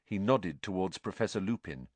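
A man reading a storybook aloud in an expressive way. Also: deep voice, moderate pace, no echo. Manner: expressive, with many character voices. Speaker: audiobook narrator.

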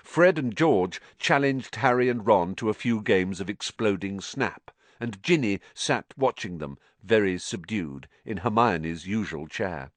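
A man narrating an audiobook in an expressive style, giving each character its own voice. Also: fairly low pitch, measured pace, few pauses, no echo. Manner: expressive, varied character voicing.

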